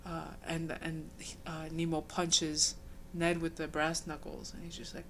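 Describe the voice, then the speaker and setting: A woman's voice: low-pitched, completely flat delivery, a little slow, slight background noise. A woman in a casual book discussion, chatty, often trailing off mid-sentence. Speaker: book club member.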